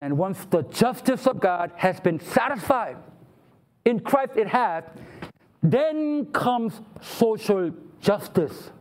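A man's voice: sits high, lively intonation, takes it slowly, darkish tone. A man preaching a sermon, acting out the voices of God and of people who complain to Him. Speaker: pastor.

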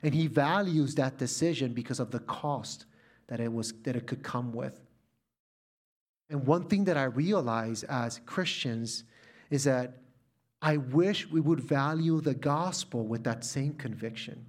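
A middle-aged man from Puerto Rico delivers a sermon built around a family story. His voice sits at an ordinary mid pitch, animated when telling stories and softening to near-hush in tender passages. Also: unhurried. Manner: animated storytelling, drops soft and quiet when emotional. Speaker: preacher.

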